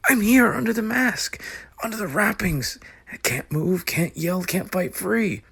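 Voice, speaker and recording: A tiny trapped kid, high and panicky, kinda raspy. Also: male voice, measured pace, a bit bright, heavily acted. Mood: desperate. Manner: high frantic cries. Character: small trapped boy, frantic and tiny.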